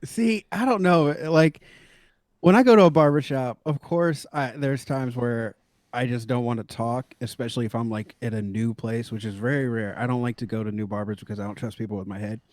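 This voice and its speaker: A man from Florida co-hosting a casual comedy podcast, relaxed and quick to laugh as he riffs along. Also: mid-range voice, no room sound, clean studio sound. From Florida, United States. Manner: laid-back, laughs often, riffs on the other man's jokes. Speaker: podcast co-host.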